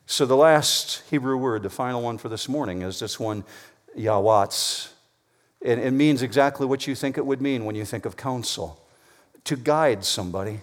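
A man preaching a sermon to a congregation, emphatic, swinging between loud declarations and quiet asides. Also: medium pitch. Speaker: pastor. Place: church hall with a congregation. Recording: long hall reverb.

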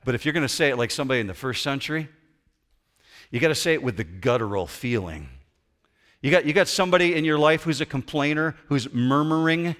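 Animated male pastor preaching. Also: fairly high pitch, fast talker. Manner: animated preaching, acts out grumbling voices. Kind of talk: sermon. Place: church sanctuary before a congregation.

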